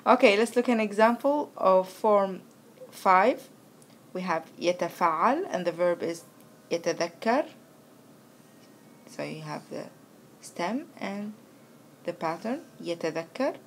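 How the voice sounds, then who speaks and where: A woman's voice: on the low side, lively intonation, a little hiss or hum. Woman teaching Arabic verb patterns. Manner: patient, explains step by step, recites conjugations slowly. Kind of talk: recorded language lesson.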